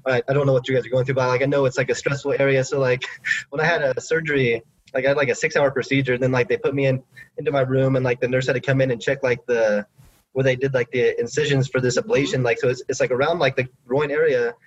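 A man's voice: mid-range voice, level tone, fast, breathy edge. A man with a sarcastic, rambling way of talking, telling a hospital story in casual chat, on a dull lo-fi recording. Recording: dull lo-fi sound.

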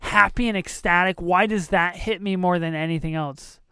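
A podcast host reacting emotionally while watching a movie for a commentary episode, excitable and dropping to whispers at moving moments. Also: medium pitch, normal speed, clear, resonant tone, no echo, clean studio sound.

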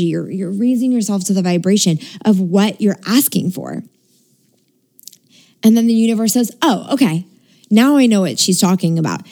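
A woman's voice: mid-range voice, mellow. A young adult woman, a spiritual coach, talking casually about setting intentions, chatty with frequent laughs and casual swearing.

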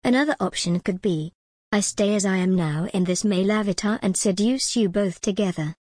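A woman voicing a calm, commanding jinn spirit in an audiobook, measured and formal. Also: mid-range voice, no room sound, studio quality, close to an everyday voice.

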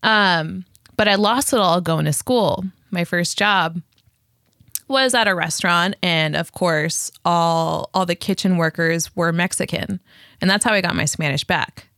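A young woman in casual conversation, telling personal stories in a relaxed, reflective way. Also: fairly low pitch, measured pace, no echo, clean studio sound. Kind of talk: casual chat.

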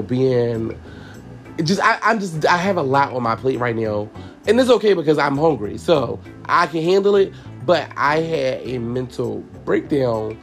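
A man with a mid-pitched, gravelly voice tells a personal story to his podcast listeners, candid and profane. He sounds tearful and keeps calling out to them as y'all. Faint music plays underneath. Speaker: podcast host.

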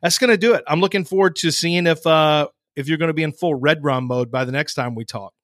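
A man's voice: on the high side, fast, fairly bright tone, no echo, clean studio sound. A man hosting a podcast, chatting casually with teasing, rambling banter. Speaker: podcast host. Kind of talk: casual chat.

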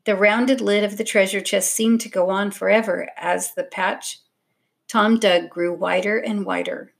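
A woman narrating a children's storybook in a steady, expressive reading voice. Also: medium pitch, a little slow, vocal fry.

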